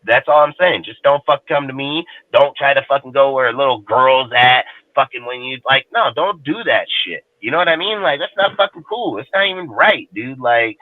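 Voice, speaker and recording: A man's voice: mid-range voice, animated, normal speed, few pauses, dry recording. A man in casual chat, ranting bluntly and swearing heavily. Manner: profane, blunt, heated. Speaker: roundtable panelist. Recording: tinny, dry call audio.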